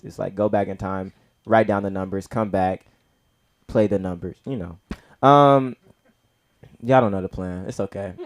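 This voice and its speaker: A young man of Nigerian heritage doing stand-up at an open mic, rambling in heavy slang with constant "bro" and "you feel me", getting loud and high when acting out stories. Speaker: stand-up comic. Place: comedy club open mic.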